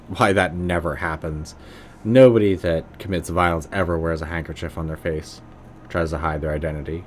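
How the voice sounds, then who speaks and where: A man's voice: deep voice, fairly even intonation, normal speed, slight background noise. A man streaming a game, reading its text and adding sarcastic, casual remarks. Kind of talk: game let's play commentary and reading.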